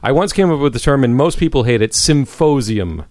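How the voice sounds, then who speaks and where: A man co-hosting a music radio show, introducing pieces and chatting casually, good-humored and quick to laugh. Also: medium pitch, expressive, a little mellow, no echo, studio quality. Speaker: radio co-host.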